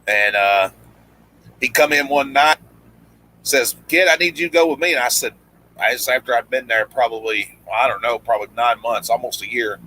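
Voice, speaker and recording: A man's voice: medium pitch, normal speed, bright, forceful tone, rough recording. A man telling a long story in casual chat, rambling with restarts and acting out what others said. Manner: rambling, many restarts, acts out quoted lines. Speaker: guest storyteller, former pro wrestler.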